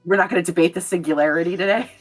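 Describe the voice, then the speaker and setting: A woman playing a tabletop game, wry and quick with a joke. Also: fairly low pitch, fairly even intonation, soft background music. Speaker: player. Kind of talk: casual chat in a tabletop game.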